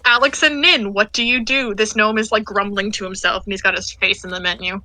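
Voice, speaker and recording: A woman's voice: medium pitch, steady tone, a little fast, pushed and bright, low-quality recording. A woman running a tabletop role-playing game, narrating casually with fillers and laughs. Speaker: game master.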